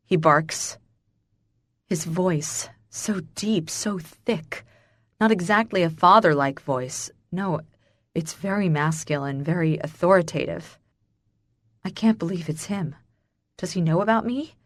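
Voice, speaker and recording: A woman narrates a first-person romance audiobook with an emotional, breathless intimacy. Her voice sits on the low side, and the recording is dry and close with no room sound. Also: measured pace, dry recording.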